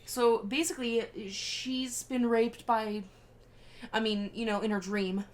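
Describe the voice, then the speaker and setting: A young woman co-hosting a podcast, casually recapping a film in an animated way, acting out the characters' lines and swearing freely. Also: on the high side, takes it slowly. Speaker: podcast co-host.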